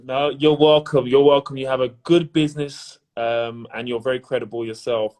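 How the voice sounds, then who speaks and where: An upbeat man leads a business pitch final over a video call. He talks casually and warmly to the finalists, repeating phrases as he goes. His voice sits at an everyday middle pitch. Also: steady tone, moderate pace. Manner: upbeat, chatty, repeats himself. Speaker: investor hosting a pitch competition final. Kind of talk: casual live-stream chat.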